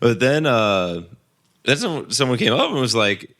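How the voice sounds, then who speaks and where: A man's voice: mid-range voice, sing-song, measured pace, a bit bright. A young man talking as a guest in an easygoing, wry way. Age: young adult. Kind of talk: casual chat.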